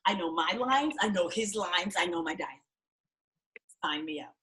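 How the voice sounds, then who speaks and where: A woman's voice: on the low side, expressive, moderate pace, very noisy. A woman teaching an acting class, telling blunt, profane stories and acting out the people she quotes. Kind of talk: class talk to students.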